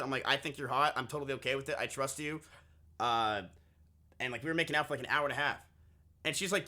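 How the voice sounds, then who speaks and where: A man streaming and telling a story to his chat in casual talk, animated and swearing as he acts out the dialogue. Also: medium pitch, quick pace.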